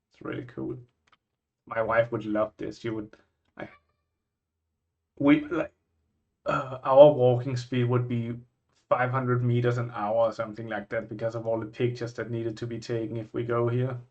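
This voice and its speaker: A man's voice: medium pitch, highs cut off. Musing Scandinavian man, casual chat. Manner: musing, thinks out loud with frequent restarts. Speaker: vlogger reacting to places.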